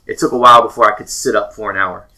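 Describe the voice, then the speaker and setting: Bright voiced guy joking around with his buddies, laughs a lot. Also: fairly low pitch, fairly even intonation, fast, poor audio. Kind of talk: casual chat.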